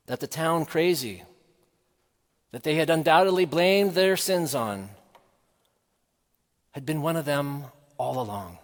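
A man preaching a sermon in a measured, earnest way, asking the listeners rhetorical questions. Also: a little high, expressive, big-room sound.

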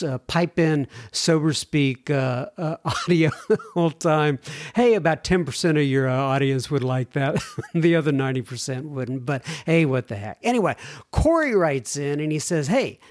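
A man's voice: a little high, dry recording, clean studio sound. A man hosting a podcast, reading listener letters and answering in a rambling, self-deprecating way with many fillers and restarts. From United States. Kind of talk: casual solo podcast talk.

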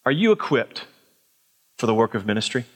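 A middle-aged man preaching a sermon as pastor, swinging from emphatic high lines to low, quiet asides. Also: sing-song, brisk.

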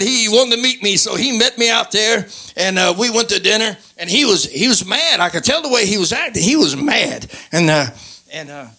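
Fervent older man giving testimony. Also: high-pitched. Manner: fervent, emotional preaching delivery with loud outbursts. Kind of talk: church testimony.

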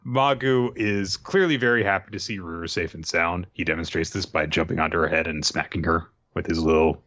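Bright-voiced man, casual recap. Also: sits low, brisk. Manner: rambling with many fillers, jokey asides. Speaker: podcast host recapping an anime. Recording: dull lo-fi sound.

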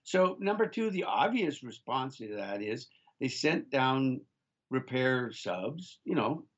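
A man's voice: mid-range voice, big pitch swings, takes it slowly. Emphatic older male co-host on dull line. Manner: emphatic, restarts often, addresses listeners as folks. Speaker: radio co-host. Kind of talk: political talk radio commentary. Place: remote location, off-site from studio.

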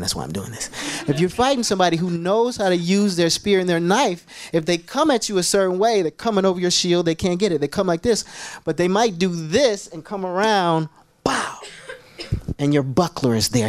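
A man preaching a sermon as pastor, telling animated, jokey stories to his church. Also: a little high.

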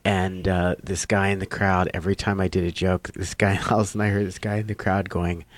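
A man, a comedian, telling a story in casual chat, getting animated and loud as he acts out a confrontation. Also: sits low, fairly quick, no echo, studio quality. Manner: animated, rising loud when acting out the confrontation. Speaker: comedian guest.

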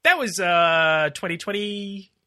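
A man's voice: high-pitched, lively intonation, takes it slowly, sharp tone. A man co-hosting a podcast, casual and blunt, laughing often and swearing freely. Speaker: podcast co-host. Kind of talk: casual chat.

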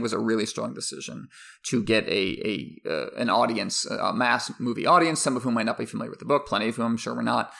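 A man's voice: medium pitch, vocal fry, fairly bright tone. A man giving a thoughtful, conversational commentary, often restarting phrases as he thinks aloud. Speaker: commentator on a book and its film adaptation. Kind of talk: conversational analysis, partly scripted essay.

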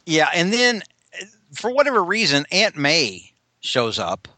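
Man, casual podcast chat, bright voice, dry close sound, acts out characters. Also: on the high side, measured pace, no room sound. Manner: animated retelling, acting out characters' lines. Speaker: podcast co-host. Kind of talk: casual chat recapping a comic.

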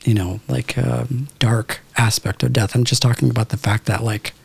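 A man in his thirties from Southern California, appearing as a podcast guest, casually tells a reflective, spiritual story peppered with "like" and "you know." His mid-range voice is creaky, husky, and darkish, with fairly even intonation at a moderate pace.

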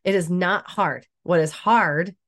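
A woman with a somewhat low voice delivers a motivational monologue straight to the listener. She talks bluntly and casually, swearing freely and laughing often. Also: takes it slowly, fairly bright tone.

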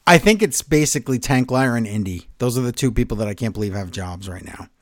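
A man's voice: medium pitch, lively intonation, fast, no echo, studio quality. A man co-hosting a wrestling podcast, recapping the week's shows in a sarcastic, exasperated way. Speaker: podcast co-host. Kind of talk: casual wrestling recap chat.

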